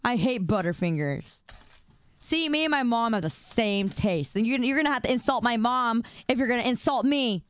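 A woman's voice: fairly high pitch, expressive, normal speed, clean tone. A young woman streaming live, chatting playfully and teasing her viewers while she eats. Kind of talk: casual live-stream chat.

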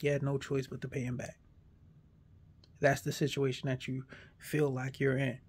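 A man in a casual monologue, arguing a point in an animated way and acting out imagined back-and-forth dialogue. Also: medium pitch, moderate pace, slightly rough.

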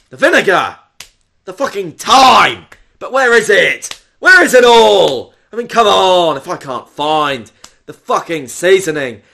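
A man's voice: a little high, bright, forceful tone, exaggerated voice. A man doing a swearing furious chef. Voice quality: constant swearing, exasperated sighs. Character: foul-mouthed furious male celebrity chef. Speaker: gamer doing a parody voice. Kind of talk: comedic gameplay commentary.

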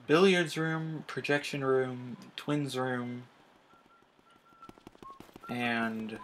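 A man talks casually over his own gameplay in a medium-pitched voice. His commentary is relaxed and loose, with bursts of enthusiasm about what he's seeing. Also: slight background noise, poor audio. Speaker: let's play commentator.

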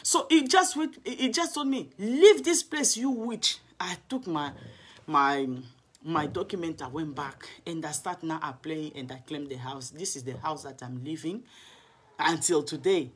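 A woman's voice: low-pitched, animated, moderate pace, fairly bright tone, breathy edge. A woman evangelist telling her personal testimony, earnest and emotional, often restarting her sentences. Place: home in London.

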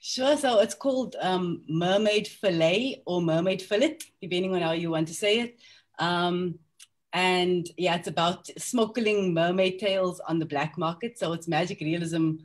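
A woman's voice: lowish voice, moderate pace. Candid woman author with many ums. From South Africa. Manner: reflective, candid, frequent ums. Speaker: author on a panel. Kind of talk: panel discussion.

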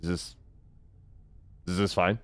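A man's voice: low-pitched, flat delivery, takes it slowly. A young man streaming a horror game, talking nervously with jumpy, self-mocking remarks. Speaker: gaming streamer. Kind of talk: horror game let's play commentary.

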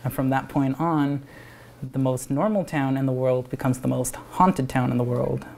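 A man, an animator pitching his own cartoon at a live event, talking in a rambling, animated way with frequent restarts and laughs. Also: moderate pace, vocal fry. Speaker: animator and show creator.

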